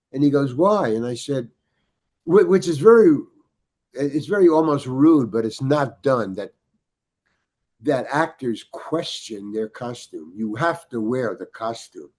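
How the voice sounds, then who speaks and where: An older man telling a story on a podcast, his speech full of stops and restarts. He slips into the voices of the people in his tale. His pitch sits in a middling range for a man. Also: a little mellow. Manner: halting, many restarts, acts out quoted dialogue. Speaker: guest storyteller. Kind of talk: casual anecdote telling.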